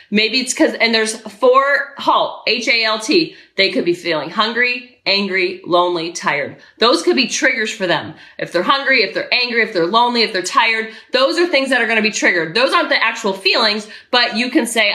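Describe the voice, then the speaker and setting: A middle-aged woman and podcast host, coaching parents in an energetic, emphatic way and repeating her key phrases. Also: fairly high pitch, brisk, roomy sound.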